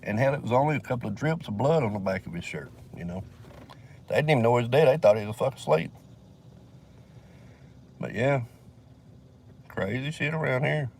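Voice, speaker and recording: A man's voice: mid-range voice, animated, brisk, creaky, pauses often, a little mellow, slight background noise. A man from Alabama with a Southern accent, telling a long story in a casual vlog, swearing heavily and rambling with fillers, recorded in a vehicle.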